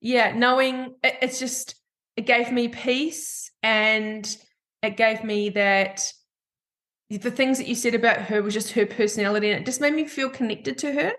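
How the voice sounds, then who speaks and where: A woman's voice: a little high, steady tone, a little slow, fairly bright tone. A woman with a New Zealand accent hosting a podcast, telling a personal story in a candid, heartfelt way. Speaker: podcast host. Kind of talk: casual podcast chat.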